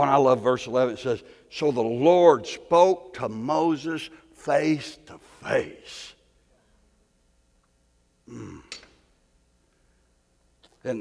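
Man preaching hard in a big church hall, voice ringing with long reverb, repeats his words a lot. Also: medium pitch. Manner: impassioned, building to near-shouting peaks, with many repeated words. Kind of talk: sermon.

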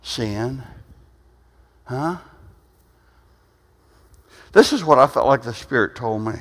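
A man in his sixties preaching an informal sermon, rambling and conversational with frequent "huh?" asides, swinging from quiet, low musing to loud, emphatic bursts. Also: expressive, slow pace. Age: 60s. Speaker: pastor. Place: church sanctuary. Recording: reverberant church hall.

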